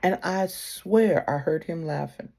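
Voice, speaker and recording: Gravelly, dark-voiced woman teaching from the heart. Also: lowish voice, unhurried. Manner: heartfelt and conversational, often dropping to a soft near-whisper. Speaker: spiritual practitioner giving advice. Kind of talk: casual spiritual teaching to camera.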